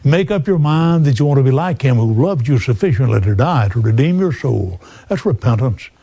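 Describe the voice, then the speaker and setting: An elderly man in his eighties delivers a slow, earnest sermon straight to the listener. His voice is mellow and a little husky, and the recording sounds dry and close. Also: medium pitch, expressive, no echo. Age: 80s. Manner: slow, earnest preaching, addressing the listener as friend. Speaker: preacher.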